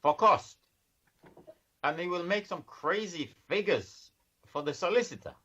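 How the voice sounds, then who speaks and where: His voice is high, pushed, and bright with a breathy edge, and he speaks expressively at a measured pace. A financial services professional guesting on a podcast, he earnestly explains things in casual interview chat, often restarting sentences, recorded in dull lo-fi sound.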